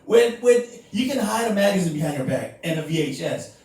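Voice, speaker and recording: High-voiced comic in his forties from Indonesia. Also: big pitch swings, brisk, darkish tone. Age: 40s. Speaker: headlining comedian. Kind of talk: stand-up set. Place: comedy club stage before a live crowd. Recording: echoey room, distant mic, faint noise.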